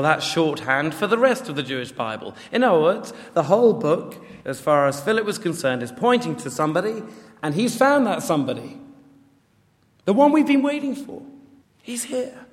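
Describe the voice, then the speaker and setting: Male preacher, expressive and wry, slightly high voice, reverberant church hall. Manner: expressive, dry humour, acts out quoted voices. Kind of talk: sermon. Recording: long reverb of a large hall.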